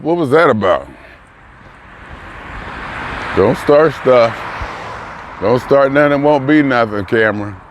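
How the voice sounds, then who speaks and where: An older man vlogging in a casual, musing way, trailing off mid-thought as he reflects aloud. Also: mid-range voice. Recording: noisy outdoor traffic. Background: passing cars and street ambience.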